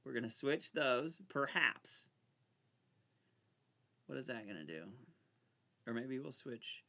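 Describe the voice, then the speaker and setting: A man casually commenting on a card game, excitable and mock-frightened, bickering back and forth as he plays. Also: mid-range voice, slow, gravelly. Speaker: channel host playing solitaire.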